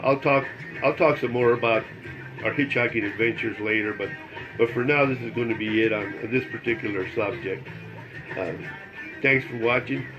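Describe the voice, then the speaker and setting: A man's voice: medium pitch, moderate pace, music in the background. Rambling older man, lo-fi recording. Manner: rambling, repeats phrases, casual cursing. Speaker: vlogger telling life stories. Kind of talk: casual spoken storytelling.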